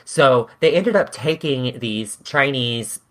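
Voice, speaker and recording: A woman's voice: a bass voice, animated, takes it slowly. A woman co-hosting a podcast, explaining history in a chatty, giggly way. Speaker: podcast co-host. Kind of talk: casual history chat.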